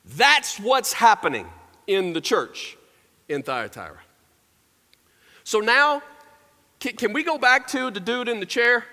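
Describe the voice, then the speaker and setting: Speaking with a very high, pushed and bright voice, this pastor swings widely in pitch, talks a little slowly and leaves long pauses. He tells stories in his church sermon and addresses the congregation directly, and the large hall echoes around him.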